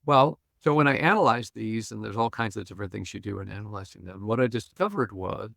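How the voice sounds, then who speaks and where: On a podcast, an older man with a low, gravelly voice appears as a guest scholar and pastor, animatedly retelling scenes. He slips into the characters' lines and chuckles as he goes. The recording is close and dry, with no room sound.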